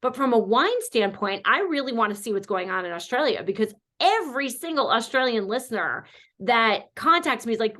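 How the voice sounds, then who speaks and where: A woman from North Carolina hosts an online wine class, talking casually and warmly to her patrons. She rambles a little, full of fillers and asides. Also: a little high, normal speed. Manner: chatty, animated, many fillers. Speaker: host. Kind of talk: casual chat.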